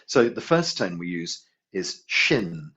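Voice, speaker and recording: A low-voiced man leads a meditation class, calmly guiding each breath and sounding long humming tones. His voice is husky and a little rough at the edges. The recording is dull and lo-fi. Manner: gentle, unhurried guidance with sung tones and hums. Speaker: meditation and qigong teacher. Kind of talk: guided healing class instruction.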